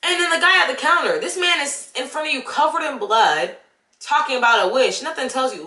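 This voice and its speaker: Young woman, casual movie rant, bright voice, exasperated and animated, echoey room. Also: high-pitched, brisk. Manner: animated, exasperated, talks straight to the viewer. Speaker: vlogger.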